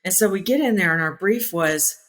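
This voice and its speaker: Woman, 60s, former pilot, lowish voice, casual anecdotes, acts out quotes, laughs easily. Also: lively intonation, a little fast, a bit bright. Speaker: former naval aviator, interview guest.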